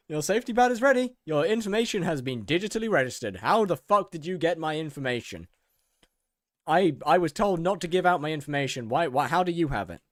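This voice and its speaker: A man's voice: a little high, lively intonation, a little fast, dry recording, studio quality. A young man streaming a game, reading in-game text aloud, laughing often and reacting with mock outrage. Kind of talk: casual gaming commentary.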